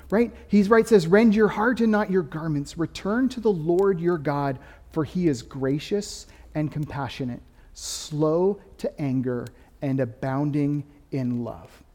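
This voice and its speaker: Man preaching in a reverberant hall. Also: high voice. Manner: animated preaching, rising and dropping to quiet emphasis. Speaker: pastor. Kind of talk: sermon.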